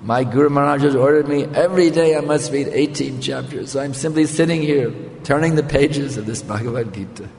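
A man's voice: mid-range voice, a little fast, creaky, hardly any pauses, a little mellow, natural voice. A man doing a humble illiterate priest. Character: humble illiterate male priest, devout and tender. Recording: long hall reverb.

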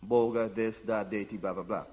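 A man giving a devotional talk, telling personal stories in an unhurried way with frequent restarts. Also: on the low side, steady tone, darkish tone. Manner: unhurried storytelling with many restarts. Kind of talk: sermon with personal anecdotes. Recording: long hall reverb.

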